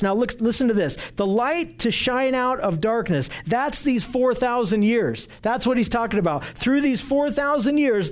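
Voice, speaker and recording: Earnest male Bible teacher with a high voice, slow deliberate scripture reading. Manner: earnest, emphatic, repeats phrases for stress.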